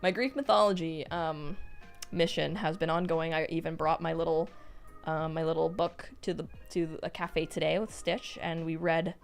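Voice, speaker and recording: A young woman streaming live, reading out chat messages and reacting in a bubbly, excitable way. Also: low-pitched, normal speed, gravelly, soft background music.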